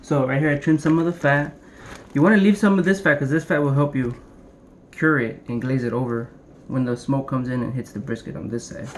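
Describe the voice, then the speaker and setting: A young man casually showing how to prep a brisket at home, rambling and cracking jokes as he works. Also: medium pitch, fairly even intonation. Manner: joking, rambling, swears casually. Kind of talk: casual cooking demonstration. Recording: noisy room ambience.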